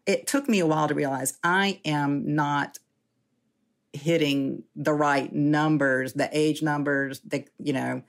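A woman's voice: sits low, fairly even intonation, slow. A woman in her sixties telling her story casually as an interview guest, chatty and self-deprecating, often laughing.

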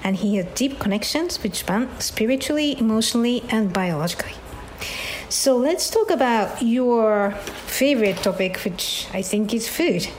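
Soft-spoken woman hosting an interview. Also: on the high side, lively intonation, moderate pace, a little hiss or hum. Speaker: podcast host.

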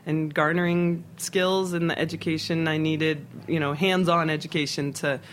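A middle-aged chef from Philadelphia, guesting on an interview show, talking casually and haltingly with many fillers and restarts. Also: male voice, a little high, little pitch movement, a bit bright, slight background noise. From Philadelphia, USA.

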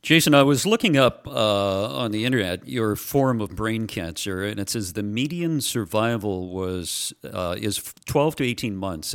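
Low-voiced guy asking the questions, straight to the point. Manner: direct questions, a few fillers. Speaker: interviewer. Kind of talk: interview questions.

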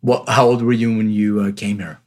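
A podcast host from Lithuania who speaks with a Philadelphia accent conducts a casual interview, friendly and chatty, frequently restarting his questions. His fairly low voice has a darkish tone, barely moves in pitch, and comes out fairly quickly.

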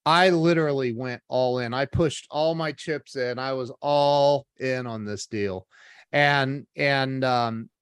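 A man telling a personal story in a casual, animated way, acting out the voices of the people in it. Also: mid-range voice, slow, clean tone, dry recording, clean studio sound. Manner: animated, acts out quoted voices, many restarts.

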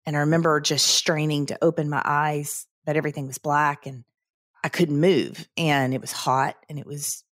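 A woman in her fifties speaks as an interview guest, recounting events earnestly and vividly. Her voice sits low. The recording is dry and close, with no room around it. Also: fairly even intonation, moderate pace, no echo. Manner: earnest, vivid recounting with quoted inner thoughts. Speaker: guest, credit union CEO. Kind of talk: personal storytelling in a podcast interview.

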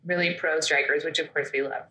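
A woman co-hosts a casual podcast, telling a story with playful quoted asides. Her voice is fairly low for a woman but bright and forward. The room gives it a noticeable echo. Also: fairly even intonation, a little fast. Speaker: podcast co-host. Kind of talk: casual chat.

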